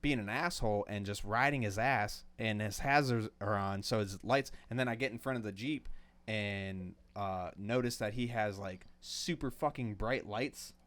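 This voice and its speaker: A man co-hosting a casual podcast chat, telling driving stories in an animated way and swearing freely. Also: on the low side, moderate pace. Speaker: podcast co-host.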